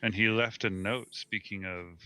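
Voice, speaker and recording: Slow, bright-voiced man playing a tabletop game. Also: fairly low pitch, steady tone, clean tone. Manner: hesitant, full of pauses. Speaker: player. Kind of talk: tabletop role-play.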